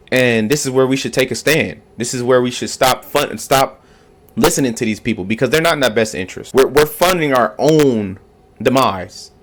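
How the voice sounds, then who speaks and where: A man talks straight to his viewers in a casual reaction commentary, pressing each point with emphasis and repetition. His voice sits at an ordinary middle pitch. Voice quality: emphatic, repetitive, keeps asking okay.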